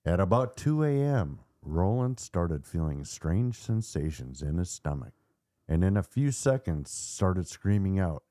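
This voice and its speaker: A man hosting a podcast, narrating a dark story with theatrical suspense and casual asides. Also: low voice, big pitch swings, unhurried, no echo, clean studio sound. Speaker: podcast host.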